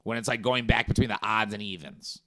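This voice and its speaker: A man's voice: fairly low pitch, steady tone, a little fast, pushed and bright, dry recording, studio quality. A man hosting a loose, slangy, casual chat and reacting to clips. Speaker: host.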